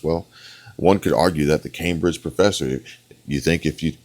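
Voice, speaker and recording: A man with an extremely low, deep voice talks through a debate clip in an opinionated, meandering way. He keeps tossing in "okay?" to drive each point home. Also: moderate pace, darkish tone. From United States. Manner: opinionated, rambling, punctuates with "okay?". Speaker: online political commentator. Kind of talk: reaction commentary on a debate clip.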